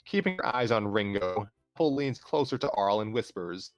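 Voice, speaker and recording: Low-voiced man reading a story aloud. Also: moderate pace, hardly any pauses, no room sound, soft background music. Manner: calm, steady narration with small restarts. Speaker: storyteller host.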